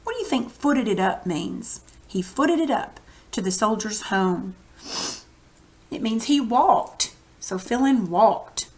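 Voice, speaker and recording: A woman's voice: a little high, expressive, slow. A woman with a Texan accent, teaching a reading lesson to young students in a conversational, explaining way. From Texas.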